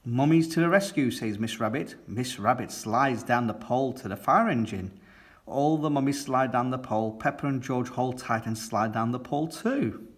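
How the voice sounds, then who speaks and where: A man's voice: mid-range voice, normal speed. Man reading a children's story aloud. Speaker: children's book reader.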